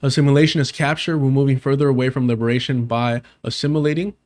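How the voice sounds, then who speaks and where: A man's voice: medium pitch, steady tone, fast talker, darkish tone. A man on a live stream arguing a point with pressing rhetorical questions. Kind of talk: streamed debate argument.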